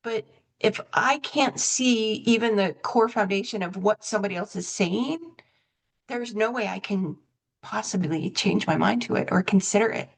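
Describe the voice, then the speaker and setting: On her coaching podcast, a woman with a creaky, mid-range voice talks at a moderate pace in conversational interview style. She reflects and corrects herself as she goes, recounting stories and playing both parts of each exchange.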